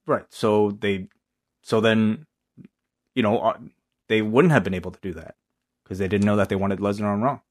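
A man co-hosting a casual podcast, reacting with animated comments and frequent restarts. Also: on the low side, moderate pace, pauses often. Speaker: podcast co-host. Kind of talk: casual chat.

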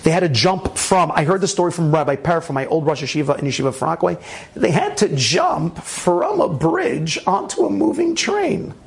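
A man telling a story casually, animated, with frequent restarts and laughter. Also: on the high side, moderate pace, vocal fry.

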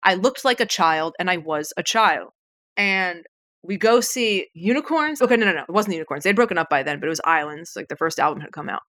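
A woman's voice: on the low side, animated, a little fast, fairly bright tone, dry recording. A woman in her thirties, a podcast guest, telling a story in casual, chatty talk full of swearing and "like". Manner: chatty, profane, many likes.

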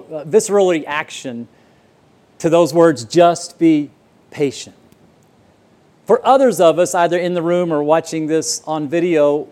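Male pastor, slightly higher voice, earnest storyteller, sermon delivery. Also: dark tone. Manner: earnest storytelling, repeats words when starting a sentence. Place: church auditorium.

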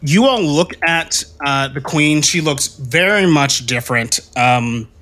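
A game master for a tabletop role-playing game tells the scene slowly in a fairly high-pitched voice. He keeps it relaxed, often using fillers and laughing easily.

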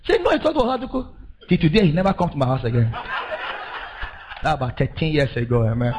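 Older man, Nigerian accent, husky voice, fairly high-pitched, sermon, animated storyteller. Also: low-quality recording. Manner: animated storytelling, laughing, rising to emphatic declarations. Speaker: pastor.

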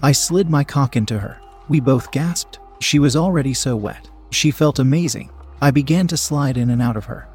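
A man narrating his own story in first person with a steady, frank delivery. His voice is husky and sits in a middle register, with soft music playing faintly in the background. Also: mid-range voice, moderate pace, hardly any pauses.

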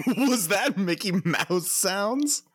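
Animated bright male podcaster, dry sound. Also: sits high, very slow, breathy edge, no echo. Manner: animated, laughs mid-sentence. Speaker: podcast co-host. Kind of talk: casual chat.

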